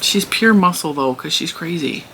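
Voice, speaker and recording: A bright, forceful-voiced woman rambles through a casual home vlog. She chats and laughs easily. Faint background noise hangs behind her. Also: fairly low pitch, expressive, normal speed. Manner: rambling, chatty, laughs often. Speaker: crochet channel host. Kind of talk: casual chat to camera. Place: home room.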